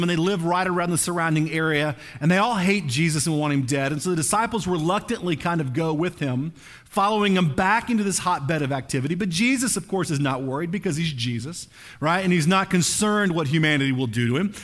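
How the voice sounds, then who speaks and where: Animated pastor preaching, high man's voice. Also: brisk. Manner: conversational, animated, asks "right?" often. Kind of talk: sermon.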